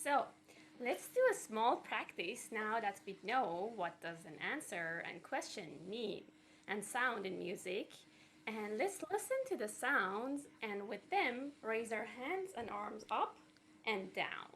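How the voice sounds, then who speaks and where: A woman musician calmly guiding children through a movement activity with gentle instructions. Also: on the high side, slow pace. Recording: faint background noise.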